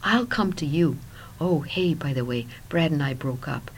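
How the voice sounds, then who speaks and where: A woman voicing a panicked teenage girl, speaking high, breathless and urgent. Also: animated, normal speed, a little hiss or hum.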